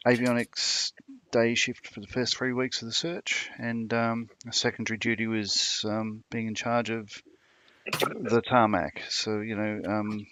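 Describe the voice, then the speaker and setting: A middle-aged man, chatting on a video call as a panel guest, pausing often with ums and you-knows. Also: lowish voice, flat delivery, fairly bright tone. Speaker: panel guest, military veteran. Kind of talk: casual chat on a livestream.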